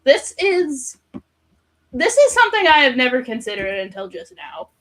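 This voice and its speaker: Woman on a chat stream, kinda high voice, gets excited reading stuff out. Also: moderate pace, rough recording. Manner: excitable, reads posts aloud with gusto. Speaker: podcast co-host. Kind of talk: casual chat.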